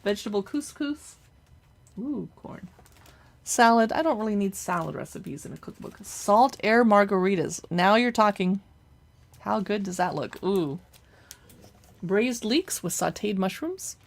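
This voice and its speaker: A woman hosting a casual live cookbook look-through, chatty and reading recipe names aloud with quick reactions. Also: mid-range voice, animated, creaky. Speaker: cookbook reviewer livestreaming.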